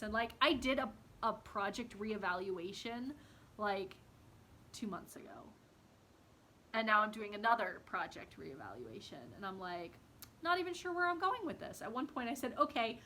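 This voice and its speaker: A young woman talks casually to her camera at home, rambling and poking fun at herself, with plenty of ums along the way. Her voice is bright and sits a little high. A faint hiss runs underneath. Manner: rambling, self-deprecating, with frequent fillers. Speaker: book and writing vlogger.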